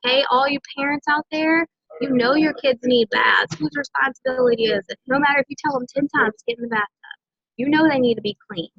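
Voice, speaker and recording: High-voiced woman giving a pep talk. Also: brisk, creaky, dry recording, muffled recording. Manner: emphatic, coaching, often tags lines with "okay?". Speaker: senior direct-sales team leader. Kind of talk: motivational team talk.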